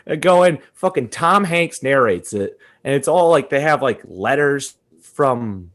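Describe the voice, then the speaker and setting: A young man co-hosting a podcast, telling a story in casual chat, animated and profane, laughing often. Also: medium pitch, measured pace. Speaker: podcast co-host.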